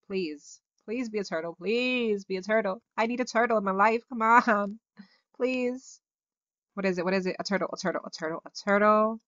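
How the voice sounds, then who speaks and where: A woman hosting her own gaming video, commenting excitedly and gushing over cute things as she plays. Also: mid-range voice, moderate pace, no echo, muffled recording. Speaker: gaming channel host.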